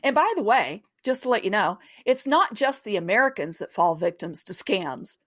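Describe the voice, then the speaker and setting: A woman's voice: mid-range voice, very animated, normal speed, a bit bright, no room sound, clean studio sound. A woman hosting a podcast, talking casually with asides to listeners and easy laughs. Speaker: podcast host.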